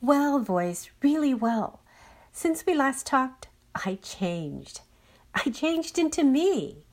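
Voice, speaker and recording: A woman reading a calm, reflective woman telling her story. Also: sits high, takes it slowly, pitched above the performer's own voice, exaggerated voice. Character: woman recalling calm personal growth.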